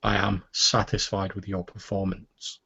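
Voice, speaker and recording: A man voicing a cold, calculating male crime lord who speaks slowly and quietly. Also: low-pitched, level tone, creaky, slightly rough, no echo, full character voice. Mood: cool menace. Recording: dull, dry lo-fi audio.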